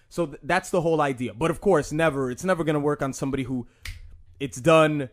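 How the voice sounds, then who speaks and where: A man's voice: fairly high pitch, fast talker. A young man on a podcast, chatting casually, explaining things with acted-out quotes, stumbling restarts and swearing. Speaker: podcast host. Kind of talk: casual chat.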